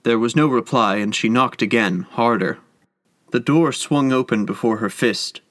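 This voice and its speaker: A man giving scripted narration of a short story in a measured storytelling manner. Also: mid-range voice, fairly bright tone, no room sound, clean studio sound. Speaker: audiobook narrator.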